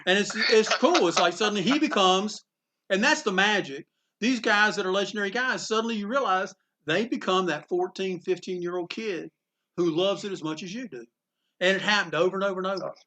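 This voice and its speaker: Animated high-voiced man telling stories. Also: fairly quick. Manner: animated anecdotes with acted-out quotes. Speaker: comic shop owner. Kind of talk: casual storytelling interview. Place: inside his comic shop.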